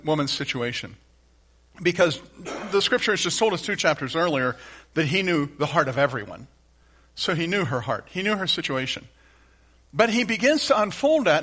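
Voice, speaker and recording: Emphatic preacher man, bright voice. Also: on the high side. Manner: emphatic, repeats refrains, swings between loud and hushed. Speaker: pastor. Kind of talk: sermon.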